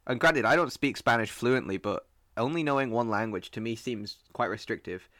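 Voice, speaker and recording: A young man from Rochdale, a joking, teasing podcast co-host who enunciates clearly in casual chat. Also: medium pitch, moderate pace, fairly bright tone. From Rochdale, England.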